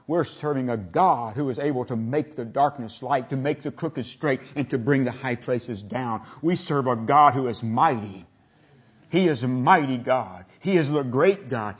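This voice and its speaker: An older man preaches a folksy sermon, retelling scripture in plain speech. He swings between booming declarations and near-whispers, and the audio sounds dull.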